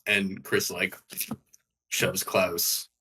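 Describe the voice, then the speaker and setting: A man playing a tabletop game, talking in halting bursts with many restarts. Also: low-pitched, flat delivery, pushed and bright, breathy edge. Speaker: player. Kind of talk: casual tabletop role-play.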